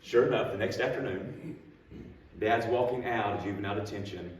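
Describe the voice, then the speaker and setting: A man's voice: fairly low pitch, brisk, a little hiss or hum. Folksy man teaching Bible class. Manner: folksy, plainspoken, self-deprecating. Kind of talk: storytelling Bible class lesson. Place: church classroom. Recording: echoey room, mic far off.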